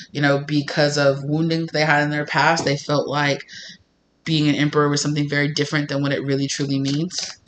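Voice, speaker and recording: A man giving a casual tarot reading, talking in an animated way with lots of fillers and some swearing. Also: fairly high pitch, a little hiss or hum. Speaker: tarot reader.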